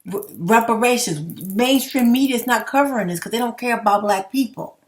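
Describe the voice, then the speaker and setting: A woman's voice: fairly high pitch, fairly quick. Young adult woman, passionate commentary rant, plain-spoken and profane. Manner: blunt, swears, rambling and passionate. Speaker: commentary vlogger. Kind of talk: heated opinion rant to camera.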